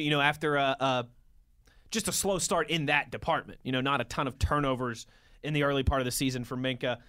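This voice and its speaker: A man chatting about football in easy, joking banter with a bright, forceful voice. He talks a little high for a man. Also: clear, resonant tone. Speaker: sports podcast co-host. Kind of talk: casual sports talk.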